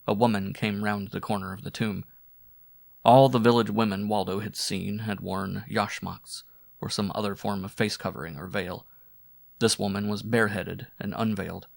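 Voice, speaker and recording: A man narrating a weird-fiction audiobook in measured, descriptive storytelling. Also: fairly low pitch, gravelly, dry recording, studio quality. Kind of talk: scripted narration.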